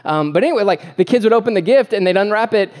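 A man's voice: sits high, animated, fast, a little mellow. A man preaching a sermon as pastor, earnest and emphatic, with repeated phrases and joking asides about family life.

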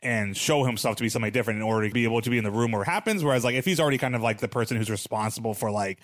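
A man's voice: medium pitch, very fast, dry recording, studio quality. A man co-hosting a casual brainstorming chat, rambling, swearing and restarting his sentences. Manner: rambling, profane, restarts often.

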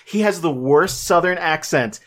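Woman podcast co-host, low voice that swings widely, rambling and animated, fillers and swearing. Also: a little slow. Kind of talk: casual chat.

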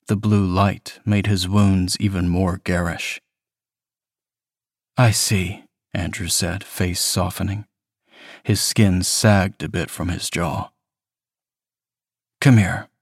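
A man reading a horror story as scripted narration, measured and even. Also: low-pitched, no room sound, studio quality. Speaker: reader.

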